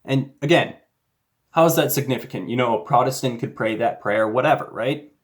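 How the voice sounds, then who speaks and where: A man's voice: mid-range voice, brisk. A man telling a personal faith story in a casual, rambling way, with fillers and restarts. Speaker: YouTuber.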